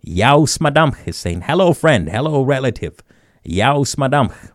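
A man hosting a community radio show, teaching words slowly and often chuckling at himself. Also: medium pitch, very animated, dry recording, clean studio sound. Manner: chuckles often, slow deliberate word repetition. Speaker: radio host. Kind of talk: community radio language segment.

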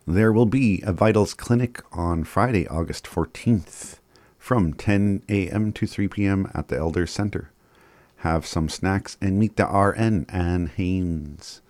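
Low-voiced, easygoing male radio host. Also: unhurried, a little mellow, no echo. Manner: easygoing, chuckles often, stumbles over words. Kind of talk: casual radio announcements. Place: radio studio.

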